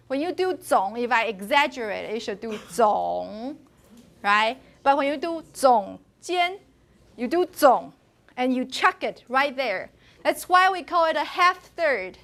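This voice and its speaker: A woman teaches a university phonetics class, with a high-pitched voice. She moves back and forth between English and Mandarin. She demonstrates tones and vowels by voicing them out loud. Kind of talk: classroom lecture.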